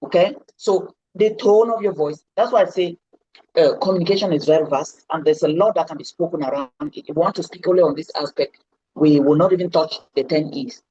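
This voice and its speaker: A woman's voice: low voice, fairly quick, warm tone, breathy edge, no echo, highs cut off. A woman coaching public speaking in a live online lesson, stressing and repeating her key words. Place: indoors, seated.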